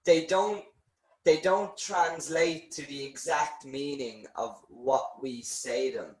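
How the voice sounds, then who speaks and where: Slow-paced male English teacher, roomy echo. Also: on the high side. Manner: patient, explanatory, reads viewer questions aloud. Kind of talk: live-streamed language lesson.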